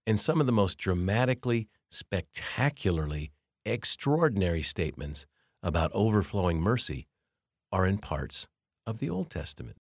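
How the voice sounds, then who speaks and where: A man with a very low voice delivers an emphatic Bible lecture, reading scripture passages aloud to make his points. The recording is close and dry, with no room sound. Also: big pitch swings, normal speed, dry recording. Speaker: Bible teacher. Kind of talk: theology lecture.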